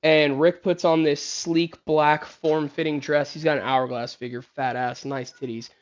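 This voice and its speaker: A man running a tabletop game who narrates in a loose, rambling way, full of fillers and crude jokes. His voice sits a bit high for a man. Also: level tone, a little slow. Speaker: game master.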